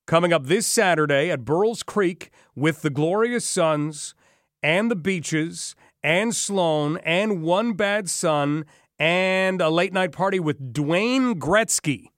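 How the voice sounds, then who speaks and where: A man's voice: fairly high pitch, animated, slow, dry recording. A man hosting talk radio from a studio mic, conversational and wry, with dry sarcasm. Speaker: radio talk show host. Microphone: studio microphone.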